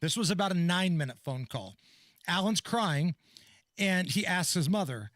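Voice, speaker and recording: High-voiced male radio co-host. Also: lively intonation, moderate pace, a bit bright, dry recording, studio quality. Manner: methodical, reads details in order. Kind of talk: news rundown on talk radio. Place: radio studio. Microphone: studio microphone.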